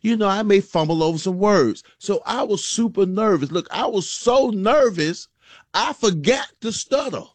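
A man's voice: sits high, expressive, moderate pace, no room sound. A man, a stutter and a slight lisp, telling stories in a rambling, stop-start way as a comedian on a morning radio show. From Mississippi. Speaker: stand-up comedian, show regular. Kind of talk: casual radio chat.

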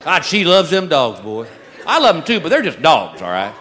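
A man doing stand-up comedy with dry, deadpan storytelling. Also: fairly high pitch, moderate pace. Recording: live club, crowd and noise.

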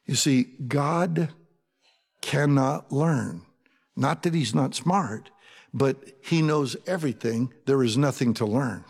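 A man preaching a sermon as pastor, talking in a conversational, animated way with asides to his congregation. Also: medium pitch, slow pace, creaky, breathy edge, big-room sound.

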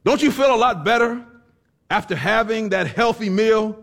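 A man's voice: sits high, normal speed, gravelly, fairly bright tone, voice pushed up, exaggerated voice. A man voicing a friendly older farmer who keeps coaxing a boy to come to dinner.

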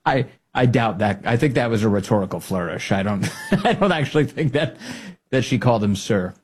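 A man hosting a political commentary show, talking in a mocking, animated way and laughing often. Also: medium pitch, fairly quick, breathy edge. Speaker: podcast host.

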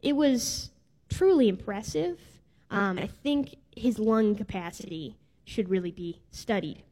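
A woman's voice: mid-range voice, expressive, unhurried, a little mellow. A woman preacher telling a personal story in a sermon, in a heartfelt way. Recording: long reverb of a large hall.

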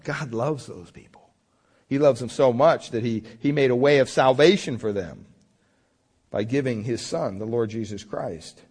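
A man preaching a sermon in an earnest way, rising for emphasis and dropping low for asides. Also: normal speed, husky. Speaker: pastor.

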